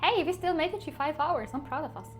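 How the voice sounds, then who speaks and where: A woman's voice: sits high, lively intonation, fast talker, soft background music. A woman from Switzerland, chatting casually and rambling to her live-stream viewers, often laughing at herself.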